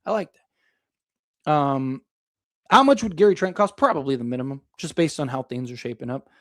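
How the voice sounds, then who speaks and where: This young sports podcast host speaks briskly in a medium-pitched voice with lively intonation. During his casual live basketball stream he reads viewers' super chats, rambling, thinking aloud, and leaning on fillers.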